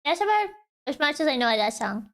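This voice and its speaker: Giggly high-pitched woman streamer. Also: sing-song, quick pace. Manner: giggly, self-deprecating, rambling with fillers. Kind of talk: casual chat between karaoke songs.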